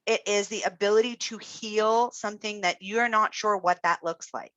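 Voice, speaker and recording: A woman's voice: medium pitch, normal speed, a bit bright, dry recording, dull audio. A woman speech-language pathologist giving an encouraging, reflective webinar talk, with frequent fillers. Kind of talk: webinar presentation.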